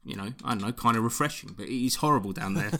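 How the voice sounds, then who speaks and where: A man's voice: mid-range voice, quick pace, gravelly, sharp tone, a little hiss or hum. A man, ranting animatedly and swearing often in a casual chat. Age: 20s.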